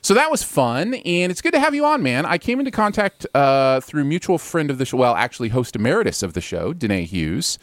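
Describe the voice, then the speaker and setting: A man's voice: fairly high pitch, sing-song, a little fast, few pauses, no echo. A man hosting a casual pop-culture podcast, chatty and loose, chuckling between lines and using plenty of fillers. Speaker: podcast host.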